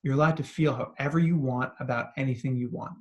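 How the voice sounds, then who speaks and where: A man, a psychologist, giving an animated talk to parents and educators, telling stories and asking questions. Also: medium pitch, fast talker, muffled recording. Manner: animated storytelling with acted quotes and asides. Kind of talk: expressive talk to an audience.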